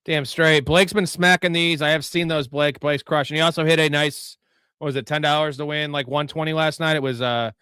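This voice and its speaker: A chatty man hosts a live sports stream in a bright, crisp voice. He talks through bets and greets the chat with casual swearing. The sound is dry and close. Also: a little high, steady tone, brisk, dry recording. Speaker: host.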